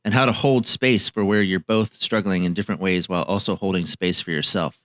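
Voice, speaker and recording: A low-pitched man, a marriage therapist co-hosting a podcast, chats casually and reflectively, sharing anecdotes and using frequent fillers. His intonation is fairly even, his pace fairly quick, and his tone fairly bright. The studio-quality recording has no echo.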